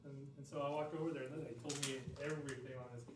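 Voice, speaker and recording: A man's voice: mid-range voice, fairly even intonation, racing, noisy background. A man in the class casually telling a rambling story about talking to neighbors. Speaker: student in the training. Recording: echoey room, distant from mic, crowd behind.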